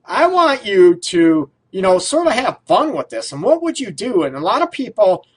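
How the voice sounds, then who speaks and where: A male radio host riffs casually into a studio mic, his voice sitting a little on the high side. He rambles through loose questions, padding them with fillers and breaking into chuckles. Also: very animated, moderate pace, breathy edge. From Detroit area. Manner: rambling, full of fillers, laughs often. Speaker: radio show host, relationship counselor.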